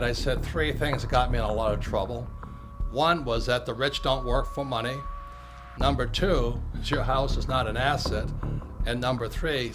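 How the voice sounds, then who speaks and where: Plainspoken older man over music. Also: mid-range voice. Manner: plainspoken, conversational, peppered with "you know". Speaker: author and speaker. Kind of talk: talk with documentary narration.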